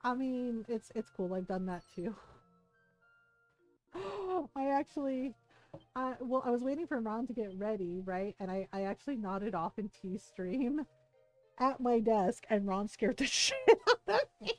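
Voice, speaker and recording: A woman's voice: fairly high pitch, a little slow, soft background music. Chatty swearing woman streamer. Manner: chatty, swearing, laughs often, animated. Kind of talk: casual chat while gaming.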